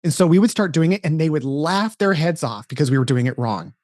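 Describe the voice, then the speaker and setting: A man in his forties hosting a casual podcast chat, his voice sitting a little high for a man. He tells stories with animated energy, breaking off and restarting his sentences as he goes. The sound is close and dry, with no room echo. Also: fairly quick. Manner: animated storytelling with frequent restarts. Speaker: podcast host.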